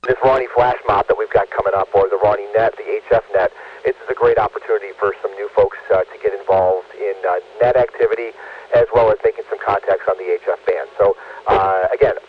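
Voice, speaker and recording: Male net control operator, chatty and rambling, heard over dull lo-fi radio with crowd noise. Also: fairly low pitch. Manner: friendly, rambling, many fillers. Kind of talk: amateur radio net chat.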